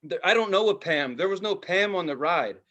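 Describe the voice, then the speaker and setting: Bright-voiced man telling a story, cursing. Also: high-pitched, brisk. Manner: profane, animated storyteller, bursts into loud shouts. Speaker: podcast co-host. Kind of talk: casual storytelling chat.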